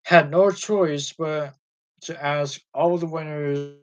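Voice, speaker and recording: Male reader with a somewhat high voice for a steady, plain biography read. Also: slow pace, highs cut off. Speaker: audiobook reader. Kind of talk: reading a biography aloud.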